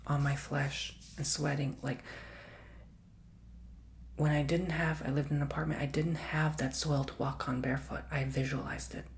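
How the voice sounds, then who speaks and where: A man with a gravelly, creaky edge to his voice, murmuring and whispering through an ASMR tarot reading. He stays fairly level in tone, speaking gently and encouragingly as he repeats soothing affirmations. A faint hiss sits under his voice. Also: fairly high pitch, level tone, moderate pace, pauses often. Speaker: tarot reader.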